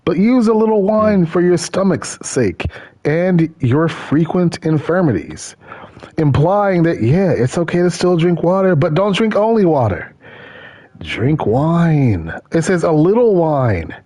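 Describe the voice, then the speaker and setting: A man's voice: a little high, sing-song, measured pace, warm tone. A man hosting a gaming stream, chatting casually and rambling, repeating his words as he goes. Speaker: gaming channel host. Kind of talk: casual chat while gaming.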